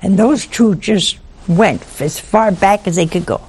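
A slightly slow, somewhat mellow mid-range female voice comes through with a little hiss or hum. In preachy storytelling for a religious program, she speaks earnestly and emphatically, echoing lines for effect.

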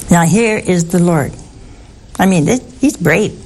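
Slow, gravelly-voiced woman teaching scripture. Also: lowish voice, a little mellow. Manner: conversational, keeps asking listeners questions. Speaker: Bible study teacher. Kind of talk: informal Bible teaching to a group.

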